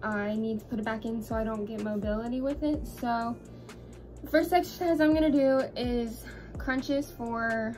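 A young woman with a slightly high voice talks through her home workout vlog, out of breath and rambling with plenty of ums. Her chatty phone-recorded voice sits over clear background music. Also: fairly even intonation, moderate pace. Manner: rambling, chatty, filler-heavy. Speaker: vlogger. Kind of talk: casual rehab workout vlog.

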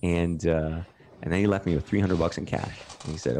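A man with a very low, mellow voice tells his story in a loose, candid way. He drops swear words freely and slips into other people's voices when quoting them. He sounds relaxed and unhurried. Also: a little hiss or hum. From Canada. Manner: candid, profane, retells quotes in others' voices. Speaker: podcast guest. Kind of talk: casual storytelling.

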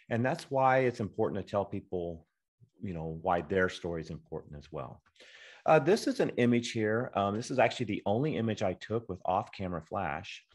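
A middle-aged man from Texas, a photographer, giving an informal talk on photography, chatty and full of fillers, acting out sample dialogue. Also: lowish voice. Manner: conversational, acts out sample dialogue, many fillers. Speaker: guest speaker, photographer.

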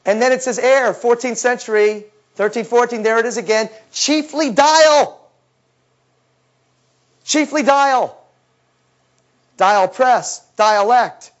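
High-voiced man lecturing, animated storyteller. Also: moderate pace, hardly any pauses. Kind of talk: lecture talk. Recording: dull lo-fi recording.

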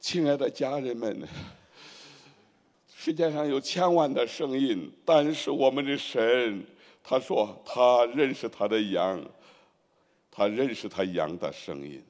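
A man's voice: medium pitch, animated, measured pace. Fervent preacher man in a reverberant church. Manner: fervent, rising to loud exclamations. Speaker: guest preacher. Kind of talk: preaching in Chinese with interpreter. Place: large church hall.

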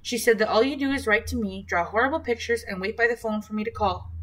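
A woman reading a soft-spoken imprisoned father. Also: a little high, fast, lightly acted, rough recording. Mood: earnest. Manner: soft, earnest. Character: worried middle-aged imprisoned father.

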